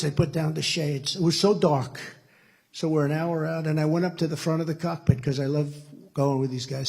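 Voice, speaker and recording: A man's voice: on the high side, husky. An American man in his seventies giving a political keynote speech, telling rambling stories full of repeated superlatives. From United States. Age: 70s. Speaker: keynote speaker.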